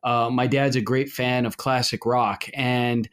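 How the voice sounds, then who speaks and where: A middle-aged male priest co-hosting a talk podcast. He rambles loosely, restarting sentences and filling pauses with "uh." His pitch sits in an ordinary middle range. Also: level tone, a bit bright, clean tone. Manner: rambling, frequent fillers and restarts. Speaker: podcast co-host, Orthodox priest. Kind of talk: casual conversational podcast talk.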